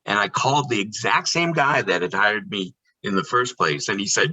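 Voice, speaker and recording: A man who is a guest on a podcast, telling candid stories in an animated, casual way. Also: lowish voice, moderate pace, low-quality recording. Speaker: podcast guest, theme park performer. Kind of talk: casual storytelling chat.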